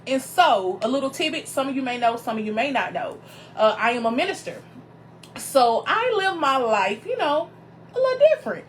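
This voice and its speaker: A woman minister hosting her show, telling a personal story in a casual, animated way, calling her viewers y'all and greeting them by name as they join. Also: sits high, normal speed, slight background noise.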